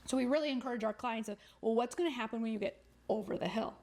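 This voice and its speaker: A woman's voice: fairly high pitch, fast talker, a little mellow. A woman therapist, a guest on a podcast, talking frankly and with energy in casual conversation, swearing freely and acting out inner voices.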